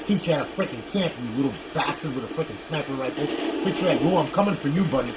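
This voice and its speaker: A fairly high-voiced man talks through a gameplay demo in a loose, rambling way, dropping curses and yelling taunts at the other players. The recording carries a steady layer of background hiss. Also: fast. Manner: rambling, profane, bursts into loud trash talk at opponents. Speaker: console modder demoing a modded console. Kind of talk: casual gameplay tutorial with commentary.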